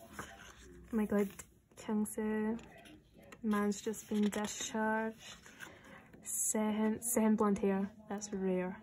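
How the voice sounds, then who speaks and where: A young adult woman vlogger chatting casually and excitedly through an unboxing, nervous and swearing freely. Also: mid-range voice.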